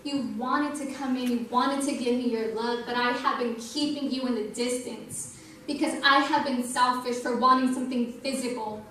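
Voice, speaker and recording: A woman's voice: sits high, steady tone, moderate pace, a bit bright. Young woman preaching in an echoey hall. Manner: earnest, storytelling, says "like" a lot. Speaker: youth speaker. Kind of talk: sermon testimony. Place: church hall. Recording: echoey church hall, mic from a distance, faint noise.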